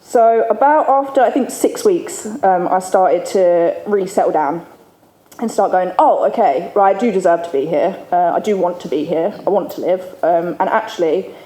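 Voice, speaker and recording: Addressing an audience in an event hall, a woman tells her recovery story in a frank, conversational way and laughs frequently. She has a lowish, mellow voice and speaks at a moderate pace, and the echoey hall adds faint ambience.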